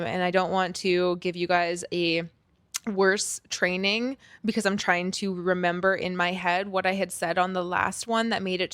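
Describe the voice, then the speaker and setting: A woman hosting her own podcast, talking casually in a chatty, animated way that includes casual swearing, recorded on a built-in device mic in a slightly echoey room. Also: medium pitch. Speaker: podcast host. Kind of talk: casual solo podcast chat. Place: room that sounds a little echoey. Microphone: built-in device mic, external microphone left unplugged.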